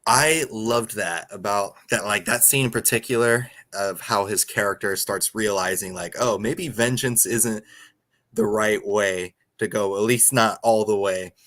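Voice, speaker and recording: A man's voice: on the low side, a little slow, fairly bright tone. A man co-hosting a casual podcast chat, talking hesitantly and acting out quotes. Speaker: podcast co-host.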